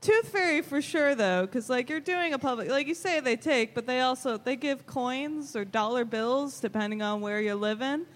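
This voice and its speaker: A woman's voice: sits high, moderate pace, few pauses. A woman judging a comedy game, giggly and chatty.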